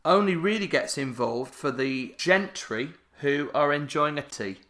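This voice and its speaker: A man in casual comic podcast chat, teasing his co-host. His bright voice sits a bit high and swings widely in pitch. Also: unhurried. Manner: playful, teasing, animated.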